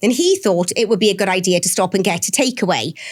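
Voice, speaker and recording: A Welsh woman in her forties, a podcast guest chatting casually and telling candid, lively stories with the odd swear. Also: medium pitch, quick pace. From Wales. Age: 40s. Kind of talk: casual interview chat.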